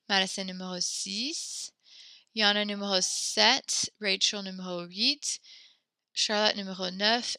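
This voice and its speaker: Woman, French teacher, very bright voice, dry close sound, encouraging, keyboard clicks. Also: medium pitch, clean tone, no room sound. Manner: encouraging, praises students often; walks through conjugations step by step. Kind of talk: online class teaching.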